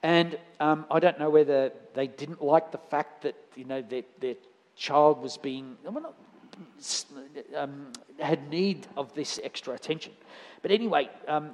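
Man preaching in a church hall. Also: on the high side. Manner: conversational and anecdotal, with frequent restarts. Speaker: lay preacher. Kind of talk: sermon.

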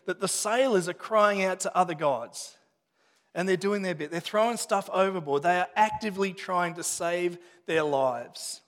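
A man's voice: high voice, moderate pace, fairly bright tone. A man preaching a sermon as a pastor, talking it through conversationally with restarts and asides. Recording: long reverb of a hall.

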